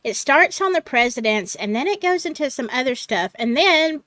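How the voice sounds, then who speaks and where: A woman hosting a casual panel chat, slow and chatty, laughing easily. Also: high-pitched, lively intonation, pushed and bright, no echo. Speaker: host.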